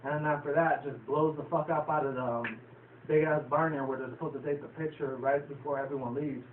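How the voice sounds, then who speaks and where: Chuckling often, a man recaps a cartoon episode for his vlog in a rambling, profane style. His voice is on the high side, brisk and steady. The recording is lo-fi, tinny, and echoey, picked up at a distance, with slight background noise.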